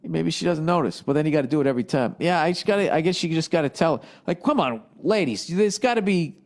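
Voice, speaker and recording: Profane ranting man, fairly high voice. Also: animated, fast, a little mellow. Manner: profane, exasperated, reads questions aloud and riffs. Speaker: podcast host. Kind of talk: ranting comedic monologue.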